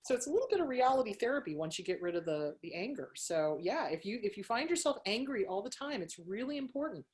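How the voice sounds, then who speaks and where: A woman's voice: fairly high pitch, big pitch swings, quick pace, darkish tone. A middle-aged woman therapist, a guest on a podcast, talking frankly and animatedly, swearing freely and laughing often. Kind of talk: candid interview chat.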